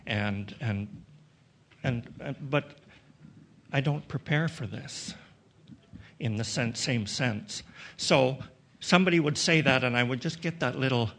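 Middle-aged guy from western canada sharing his recovery story, halting and thoughtful, lots of restarts, bit of dry humor. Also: mid-range voice, a bit bright. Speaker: recovery meeting speaker. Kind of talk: personal story shared with an audience.

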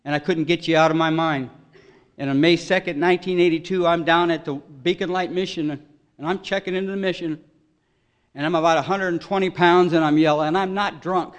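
A man giving an earnest, emotional personal testimony at a recovery meeting, voice swelling loud at its peaks. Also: a little high, fairly even intonation, a little fast, smooth.

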